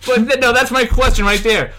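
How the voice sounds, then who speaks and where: A man's voice: extremely high pitch, steady tone, brisk, bright, forceful tone. A young man co-hosting a casual comedy podcast, laughing often and asking the guest questions. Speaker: podcast co-host. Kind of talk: casual joking chat.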